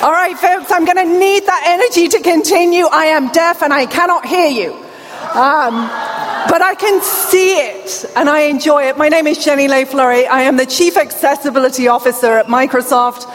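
A woman's voice: sits high, moderate pace, a little hiss or hum. A middle-aged British woman with a deaf accent gives an upbeat, playful conference keynote and jokes with the crowd. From England. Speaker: keynote speaker. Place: large hall. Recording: long hall reverb.

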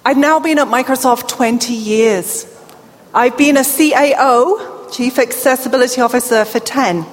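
High-voiced British woman with deaf accent. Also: moderate pace. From England. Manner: playful, jokes and banters with the audience. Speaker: keynote speaker. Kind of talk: conference keynote speech. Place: large event hall. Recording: long hall reverb, faint room ambience.

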